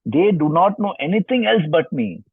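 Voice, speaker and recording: A scripture teacher tells Bible stories in an online lesson from home, explaining, repeating and rephrasing as he goes. His husky voice sits high with big pitch swings at a normal speed. The video-call line sounds tinny, with no room sound.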